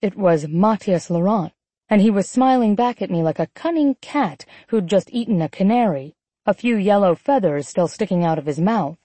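A woman narrates a first-person romance audiobook in an expressive, sardonic inner voice, also performing the heroine's lines. Her voice is mid-range, her pace normal, and there is no room sound.

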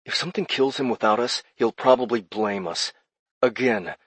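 A man's voice: mid-range voice, moderate pace, fairly bright tone, slightly rough, dry recording, voice pushed up. A man voicing a laid-back, teasing man gamer who plays a sturdy dwarf tank. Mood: wry. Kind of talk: audiobook character voice.

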